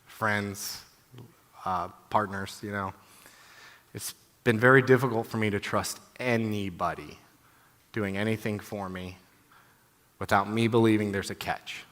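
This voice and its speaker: A man's voice: on the low side, steady tone, measured pace, long pauses, a bit bright. A man in his thirties giving a heartfelt, candid talk at a conference, conversational and full of "you know"s. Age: 30s. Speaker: conference speaker. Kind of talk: personal testimony talk. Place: conference hall. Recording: long reverb of a large hall.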